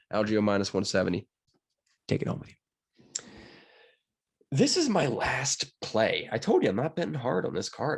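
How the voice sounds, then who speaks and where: A young man from Pennsylvania chatting casually and jokingly about fight betting picks, with big swings in his delivery. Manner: animated, jokey, wide swings in pitch. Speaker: sports betting commentator. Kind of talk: casual solo betting talk.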